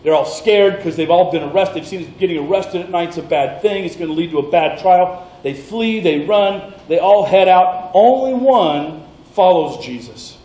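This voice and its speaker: Male pastor telling a bible story in a sermon, animated, highish voice, echoey church hall. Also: moderate pace, few pauses.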